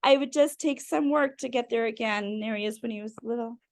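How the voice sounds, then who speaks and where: Woman storyteller, high voice, dry close sound, talks straight to children. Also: a little fast, dry recording. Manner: friendly, addressing kids directly. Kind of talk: reading picture books aloud to children.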